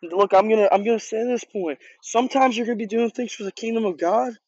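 Earnest high-voiced man preaching casually. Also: fast, darkish tone, breathy edge, no room sound. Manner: earnest and conversational, with many restarts and repeated words. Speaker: youth group leader. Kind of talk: casual sermon. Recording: dull, dry lo-fi recording.

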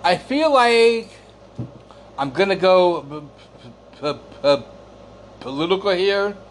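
An exasperated man vents in a rambling, unhurried way, often repeating his words and swearing. His voice sits high and swings widely in pitch, and he coughs and clears his throat between lines. Faint noise hums under the recording. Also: big pitch swings. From United States. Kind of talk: casual storytelling rant.

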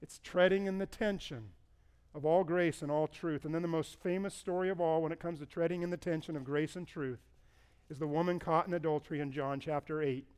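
A man preaches a sermon, telling the stories in an animated way and putting on voices for the people in them. His voice sits high and sounds smooth. He jumps between calm teaching and loud, excited retelling. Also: brisk. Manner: animated storytelling, acting out the people in the story with a raised voice. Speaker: pastor.

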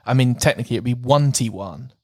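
A man co-hosting a podcast, chatting casually and laughing often as he slowly plays with the sounds of words. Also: medium pitch, darkish tone, no echo. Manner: playful, laughs often, reads out word jokes slowly. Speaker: podcast co-host. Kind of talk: casual chat.

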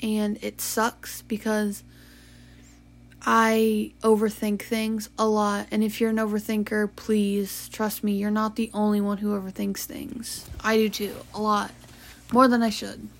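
Young woman podcast host, sleepy and soft-spoken, slow flat late-night confessional delivery. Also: medium pitch. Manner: soft, tired and halting, yawning and sighing, with whispered stretches.

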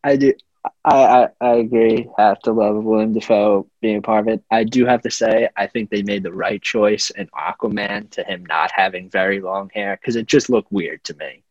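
A man's voice: lowish voice, fairly even intonation, no echo. A young man co-hosting a podcast, chatting casually about a movie and stumbling over his words with many restarts. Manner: halting, stammering restarts. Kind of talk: casual movie review chat. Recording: dull lo-fi mic.

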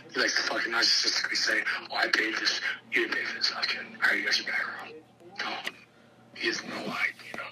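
A young man in a heated, profane casual rant, agitated and swinging between loud outbursts and hushed mutters. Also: fairly low pitch, low-quality recording.

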